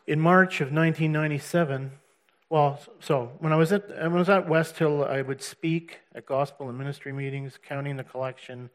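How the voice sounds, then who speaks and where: A man giving a personal church testimony, telling his story earnestly with restarts and laughs. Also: mid-range voice.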